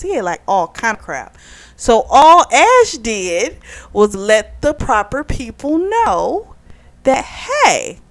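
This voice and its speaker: A woman recapping a novel's plot in a casual, animated way, full of "like" and "you know". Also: mid-range voice. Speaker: book club reviewer.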